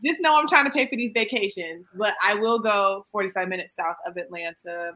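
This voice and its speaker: A woman in her thirties co-hosting a podcast, chatting casually and animatedly with quick asides and playful mock voices. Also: mid-range voice, pushed and bright. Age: 30s. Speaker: podcast co-host. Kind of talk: casual chat.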